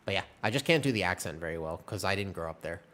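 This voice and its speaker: A man's voice: deep voice, lively intonation, quick pace, fairly bright tone. A man streaming and chatting casually, answering his chat in a rambling, talkative way. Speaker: game streamer.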